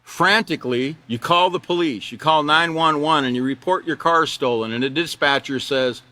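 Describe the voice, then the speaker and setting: A man's voice: fairly high pitch, normal speed, hardly any pauses, pushed and bright. A man leading an online teacher training class, talking loosely with restarts and laughing at his own examples.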